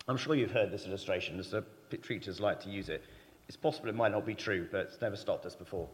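Lively-voiced male preacher in a reverberant hall. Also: fairly low pitch, quick pace. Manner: animated, conversational preaching with rhetorical questions. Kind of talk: sermon. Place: church. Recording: long reverb of a church hall.

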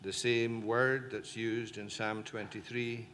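A man preaches a sermon in a church hall, taking his time over every phrase. His voice is bright and forceful, and he drives his point home with emphatic questions. A long reverb trails each word, with faint ambient noise behind. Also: on the low side, level tone, takes it slowly. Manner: impassioned, with emphatic rhetorical questions.

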